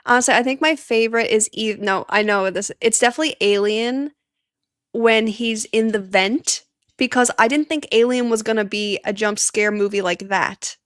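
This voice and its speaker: A woman chats to her stream audience with a slightly high, bright-edged voice, gushing and quick to laugh. She sounds teary and a little sniffly. The sound is dry and close, with no room echo. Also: clear, resonant tone. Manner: excitable, gushing, laughs often. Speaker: streamer hosting a watch party. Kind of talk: casual live-stream chat.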